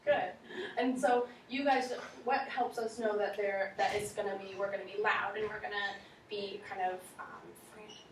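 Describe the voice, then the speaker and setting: A woman's voice: medium pitch, fairly even intonation, moderate pace, slight background noise. A woman teacher giving classroom instruction, encouraging and modeling reading aloud for her students. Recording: echoey classroom from far off.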